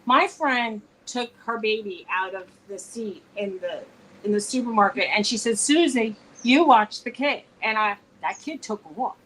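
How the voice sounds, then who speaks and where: Co-hosting a casual chat between friends, this woman has a mid-range voice that's pushed and bright, speaking at normal speed on a low-quality recording. She tells rambling stories and restarts often.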